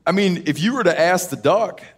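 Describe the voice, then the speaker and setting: A man's voice: sits high, lively intonation, brisk, a little hiss or hum. A man hosting a live podcast, chatting casually and teasing his co-hosts with joking asides. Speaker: podcast host. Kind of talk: casual chat on a live show.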